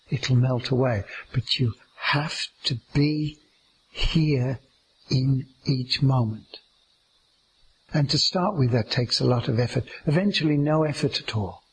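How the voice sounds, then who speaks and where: A man giving a slow, meditative teaching talk about staying aware in each moment, drawing out his words gently. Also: mid-range voice, a little hiss or hum, rough recording.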